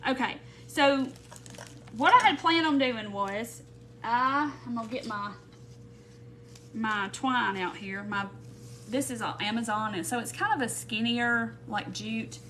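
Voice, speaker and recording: A woman's voice: fairly high pitch, measured pace, pushed and bright, a little hiss or hum. A woman hosting a live craft stream, rambling and thinking aloud as she works and greets viewers by name. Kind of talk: casual craft tutorial chat. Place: home craft room.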